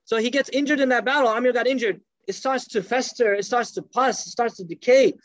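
A man teaching through animated storytelling, acting out the voices of the people in his story. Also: very high-pitched, brisk, dry recording. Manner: animated storyteller, acts out quoted speech. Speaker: religious teacher. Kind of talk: storytelling lecture. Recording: dull lo-fi dry recording.

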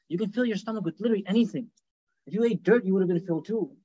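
A man preaching a sermon, telling stories fast with acted quotes and rhetorical questions. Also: sits high, darkish tone, highs cut off. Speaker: Islamic preacher.

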